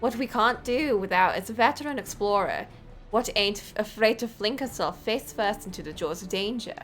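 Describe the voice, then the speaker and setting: A woman's voice: mid-range voice, normal speed, fairly bright tone, faint music behind, natural voice. A woman playing a roguish pirate captain. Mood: coaxing. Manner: folksy pirate slang, coaxing.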